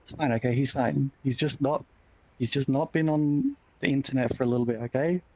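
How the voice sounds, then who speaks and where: A man co-streaming a game, chatting in a laid-back, deadpan joking way. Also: mid-range voice, fairly quick, poor audio. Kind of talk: casual stream chat while gaming.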